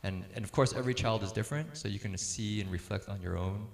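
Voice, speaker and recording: Man giving a relaxed talk, echoey room. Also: on the low side, fast talker, creaky. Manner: relaxed storyteller, laughs easily, acts out quotes. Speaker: speaker on parenting. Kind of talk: casual talk to a group.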